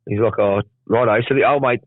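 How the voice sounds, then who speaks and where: A man's voice: on the low side, fairly even intonation, a little fast, dry recording, narrow, tinny audio. An Australian man hosting a podcast, telling crude, joking stories in casual chat. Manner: crude, storytelling banter. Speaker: podcast host.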